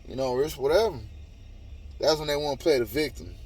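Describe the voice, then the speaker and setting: A man's voice: fairly high pitch, fairly quick, darkish tone, breathy edge. A man telling a heated, profane story in a casual monologue, repeating himself and swearing often. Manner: profane, heated, repetitive retelling.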